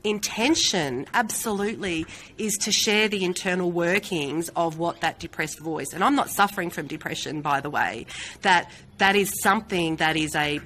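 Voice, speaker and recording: Woman, lowish voice, earnest, candid, self-reassuring, lots of "you know", live-stream monologue. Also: normal speed, fairly bright tone, a little hiss or hum, low-quality recording. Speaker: host of a personal-growth live stream.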